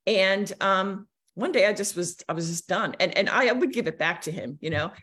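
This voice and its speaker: A woman in her forties, a guest on a livestream, telling her life story in a lively, animated way. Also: normal speed, husky. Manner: lively storyteller, swings pitch a lot. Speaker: guest, business coach.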